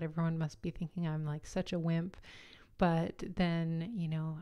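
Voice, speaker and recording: A woman's voice: deep voice, warm tone, smooth. A young woman hosting a podcast, telling a personal story in a candid, chatty way with occasional laughter. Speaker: podcast host.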